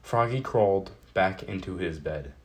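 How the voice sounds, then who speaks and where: A man reads a children's picture book aloud in a very low voice. He takes his time, slow and deliberate, with an even, steady storyteller's pace. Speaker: storybook narrator.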